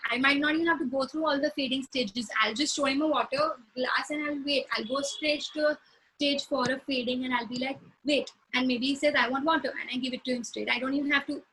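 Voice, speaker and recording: A woman's voice: sits high, fairly even intonation, a little fast, pushed and bright, a little hiss or hum, poor audio. A woman speech therapist answering clinical questions in casual conversation, explaining with examples and acting out short phrases as she would say them to a child. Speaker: speech-language pathologist.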